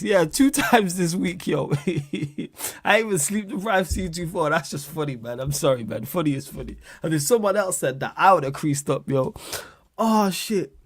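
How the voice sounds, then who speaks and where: A man's voice: on the high side, slightly rough, dry recording. A man hosting a casual livestream chat, laughing a lot, swearing and using slang while answering viewer questions.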